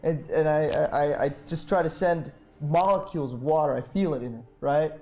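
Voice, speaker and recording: A man's voice: on the high side, normal speed, warm tone. A man playing a tabletop game, hesitant and full of fillers and restarts as he describes his move.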